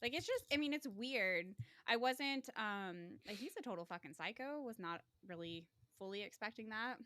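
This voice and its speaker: A woman hosting a podcast in casual, relaxed chat, laughing often. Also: medium pitch, moderate pace, dry recording, clean studio sound. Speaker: podcast host.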